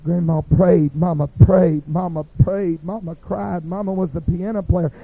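A man preaching a revival sermon, telling dramatic stories that build to shouting. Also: sits high, steady tone, a little slow, slightly rough. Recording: tinny phone-like sound.

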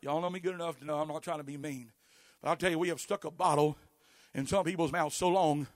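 A man preaching a fervent sermon, shouting in bursts and punctuating with amen. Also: fairly high pitch, fairly even intonation, fast talker, dry recording, clean studio sound. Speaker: pastor.

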